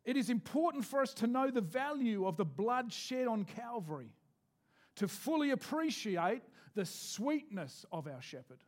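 Pastor guy preaching, pretty high voice, gets the crowd to say stuff back. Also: very animated. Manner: preaching with congregation call-and-response, slowing for scripture. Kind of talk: sermon.

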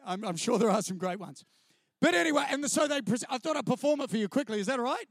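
A man tells a funny story from the stage in an unusually high voice. He is lively and animated, breaks into mimicry of others and laughs mid-sentence. The sound is very dry and close. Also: fast talker, creaky, no room sound. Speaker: speaker sharing a testimony. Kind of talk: comic storytelling to an audience.

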